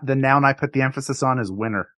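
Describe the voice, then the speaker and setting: A man's voice: mid-range voice, fast, bright, forceful tone. A man co-hosting a comedic podcast, speaking emphatically with mock outrage. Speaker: podcast co-host.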